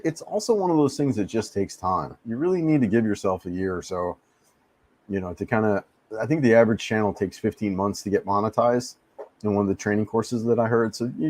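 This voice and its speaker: Laid-back man, low and dry. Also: a little mellow, no echo. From United States. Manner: easygoing, rambling, repeats words. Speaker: live-stream host. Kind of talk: casual live-stream chat answering viewers. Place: home in the Philippines. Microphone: desk mic he adjusts.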